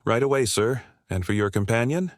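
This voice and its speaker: A man voicing a polite, experienced male waiter who speaks calmly and courteously. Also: mid-range voice, a little fast, no room sound, studio quality, close to an everyday voice. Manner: calm, courteous.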